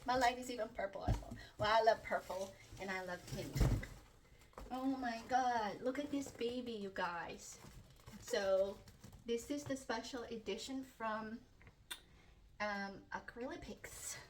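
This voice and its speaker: A chatty woman filming an unboxing at home, her fairly high voice gushing and gasping with excitement between plenty of fillers. She talks at an unhurried pace. The mic sits a little away from her, with a faint hiss of noise behind. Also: far from the mic. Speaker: book vlogger. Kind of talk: casual unboxing vlog.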